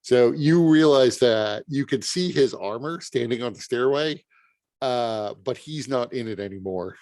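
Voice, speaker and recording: A man's voice: medium pitch, unhurried, a little mellow, dry recording. A man narrating a tabletop game as game master, easygoing and chuckling between rulings.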